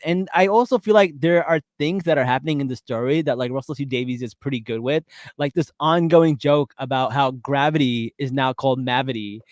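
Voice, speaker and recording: In a casual pop-culture podcast, a male co-host talks animatedly about a TV episode with plenty of fillers. His mid-range voice is brisk, with no echo and clean studio sound.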